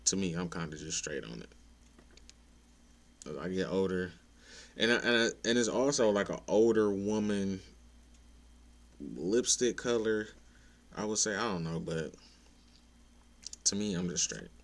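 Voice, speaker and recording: A young adult man with a low voice speaks a little slowly, leaving long pauses. He's a content creator ranting casually to his viewers, laid-back but blunt and profane, and now and then his tone rises into exasperation.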